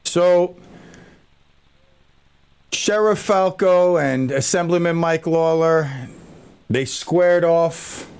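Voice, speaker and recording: A radio host tells a rambling, animated story into a studio microphone. His voice sits high for a man and carries a heavy gravelly rasp. He talks casually to his listeners. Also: very slow, pauses often.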